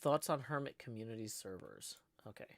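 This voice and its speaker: A man's voice: mid-range voice, animated, brisk, creaky, noisy background. A man hosting a live stream, chatting in a joking, scatterbrained way. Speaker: streamer host. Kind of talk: casual chat.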